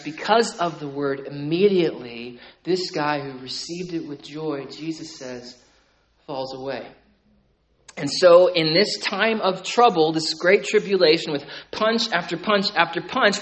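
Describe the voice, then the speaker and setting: A male pastor preaching with animated energy. He stumbles and repeats words as each point builds, and he keeps asking his listeners "right?" to bring them along. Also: on the high side, measured pace, slight background noise. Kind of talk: sermon.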